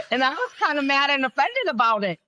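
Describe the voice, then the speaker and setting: Female co-host from West Virginia, bright tone, muffled dry recording. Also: sits high, sing-song, moderate pace, slight background noise. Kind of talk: casual podcast chat.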